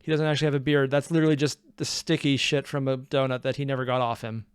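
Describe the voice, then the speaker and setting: A man's voice: medium pitch, flat delivery, fast talker, clean tone, dry recording. A man hosting a reaction video, rambling in a casual, self-deprecating way.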